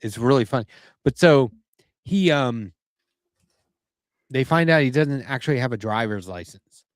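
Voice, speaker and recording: A man's voice: medium pitch, animated, a little slow, no room sound, studio quality. A man co-hosting a podcast, telling rambling stories in casual chat and swearing casually. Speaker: podcast co-host.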